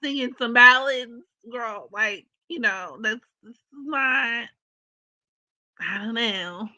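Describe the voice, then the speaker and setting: Blunt, bright-voiced woman vlogger. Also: fairly high pitch, slow pace, no room sound, muffled recording. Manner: blunt, opinionated, slangy. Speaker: astrology vlogger. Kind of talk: casual chat.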